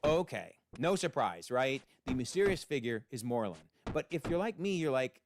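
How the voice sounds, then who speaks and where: Animated man recapping a comic. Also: medium pitch, normal speed, hardly any pauses, noisy background. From Canada. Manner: excitable, animated storytelling. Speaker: channel host.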